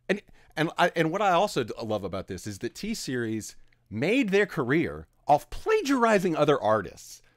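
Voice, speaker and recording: A man's voice: medium pitch, fairly bright tone, dry recording, clean studio sound. A man giving an opinionated commentary rant, emphatic and exasperated, scolding his audience. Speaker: video commentator.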